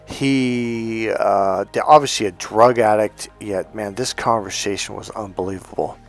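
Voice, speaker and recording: Profane, animated man telling a story. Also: lowish voice, unhurried, faint music behind. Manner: animated, profane, self-interrupting. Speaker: life coach. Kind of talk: casual storytelling monologue.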